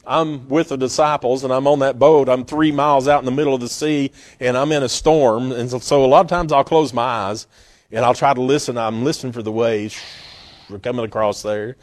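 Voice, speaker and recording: A man's voice: mid-range voice, fairly even intonation, brisk. Folksy preacher man telling stories. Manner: folksy storytelling, acts out scenes with sudden loud bursts. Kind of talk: sermon.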